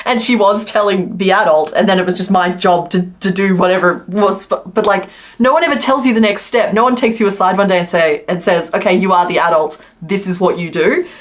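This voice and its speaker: A woman's voice: mid-range voice, fairly quick. A woman chatting casually on a crochet livestream, rambling and laughing often. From Australia. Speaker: crochet streamer.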